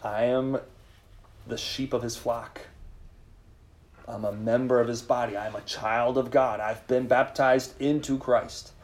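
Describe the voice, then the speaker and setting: A priest speaking in a conversational sermon to a live group, leading them in call-and-response. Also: male voice, medium pitch, fairly even intonation, a little slow. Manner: informal, leads call-and-response with listeners.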